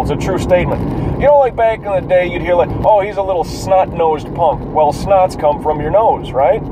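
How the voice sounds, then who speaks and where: A drowsy man rambling and swearing casually while driving home at night. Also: high-pitched. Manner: profane, rambling, self-amused. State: drowsy, yawning. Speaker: vlogger musing while driving. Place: in a car, driving. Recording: loud car road noise.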